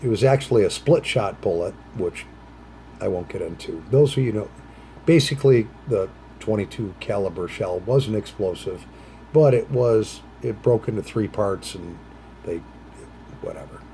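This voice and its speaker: A man's voice: moderate pace, slight background noise. Rambling middle-aged man musing aloud. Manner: rambling, trails off into low mutters; puts on bright, higher voices for quoted phrases. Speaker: vlogger. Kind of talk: casual chat while smoking a pipe.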